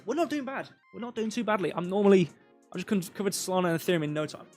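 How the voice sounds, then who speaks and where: Male stream host, a bit high-pitched, loose and chatty, thinks aloud over charts. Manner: rambling, filler-heavy, thinking aloud. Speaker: crypto livestream host. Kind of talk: casual live chart commentary.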